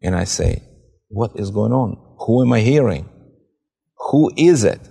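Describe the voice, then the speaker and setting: Gravelly low man telling his testimony. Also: expressive, mellow, in a large hall. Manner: halting, repeats words, restarts sentences. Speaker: guest giving testimony. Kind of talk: emotional personal testimony.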